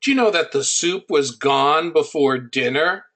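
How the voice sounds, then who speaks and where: A man's voice: on the high side, expressive, unhurried, fairly bright tone. A middle-aged man coaching an audience on building an online business. He teaches through personal stories and speaks in a conversational, anecdotal way, hitting his key points with emphasis.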